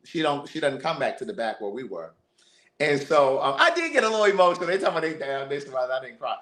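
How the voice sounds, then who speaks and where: A man hosting a livestream, telling a family story in a casual, animated way, often repeating words. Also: mid-range voice, fast talker. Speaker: livestream host. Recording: roomy echo.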